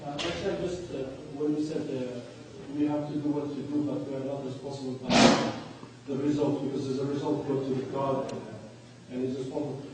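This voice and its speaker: A man in the audience asking a question haltingly, with many fillers. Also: mid-range voice, fairly even intonation, heavy background noise. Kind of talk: hesitant question from the floor. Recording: echoey hall, from far off.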